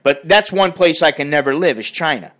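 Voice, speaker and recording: Crotchety ranting man with a high voice. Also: expressive, brisk, fairly bright tone. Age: older. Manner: crotchety, profane, rambling. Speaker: vlogger. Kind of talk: casual rant to camera.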